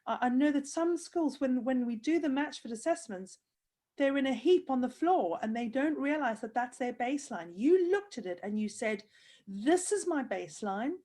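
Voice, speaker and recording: A woman who hosts a handwriting program conducts a video-call interview, crying as she gushes praise for her guest. Her voice is on the high side with a dark tone.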